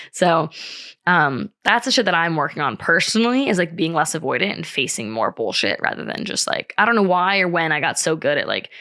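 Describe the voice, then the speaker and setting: A woman's voice: lowish voice, pushed and bright. A young woman hosting a solo podcast, talking candidly with lots of fillers and frequent swearing. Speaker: podcast host. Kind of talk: casual solo podcast chat.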